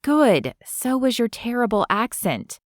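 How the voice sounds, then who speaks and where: Woman doing a wry friendly young southern woman, quick comebacks, dry close audiobook sound. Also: on the high side, big pitch swings, no echo, pitched above the performer's own voice.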